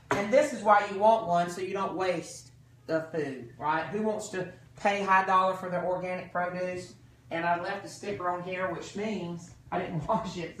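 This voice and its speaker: A man's voice: high-pitched, echoey room, distant mic, background noise. A man giving a chatty, joking cooking demonstration to guests in a kitchen. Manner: folksy, jokey, chatty with guests. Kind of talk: live kitchen product demo.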